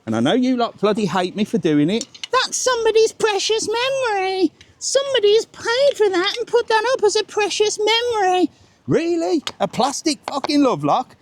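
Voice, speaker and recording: A man walks a seaside promenade in the rain, ranting to his live-stream audience in a blunt, sweary way. His voice sits high and swings widely in pitch. A faint hiss of background noise runs under the phone mic. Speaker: travel vlogger host. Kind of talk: live-streamed walking vlog.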